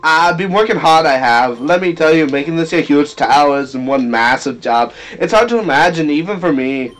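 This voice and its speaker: A man's voice: on the high side, animated, moderate pace, fairly bright tone. A man voicing a bossy male construction worker with a put-on Mexican accent, drawling and exaggerated, over faint game music. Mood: boastful. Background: faint video game music.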